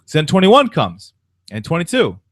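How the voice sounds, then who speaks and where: A man's voice: a little high, moderate pace, no echo. A young man on a sports talk show, telling a long story in casual chat and acting out the people in it. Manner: animated anecdote-telling, acts out quoted voices. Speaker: podcast co-host.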